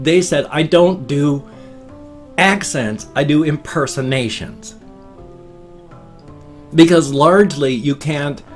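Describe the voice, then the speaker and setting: A man in his fifties chatting casually to camera as a vlogger, with a playful habit of odd emphasis and drawn-out words. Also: mid-range voice. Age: 50s.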